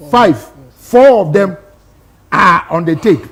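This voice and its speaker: A man's voice: high voice, animated, slow pace, fairly bright tone. A man with a Ghanaian accent arguing emphatically as a studio guest on a talk show, throwing out rhetorical questions. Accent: Ghanaian English. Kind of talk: impassioned studio debate.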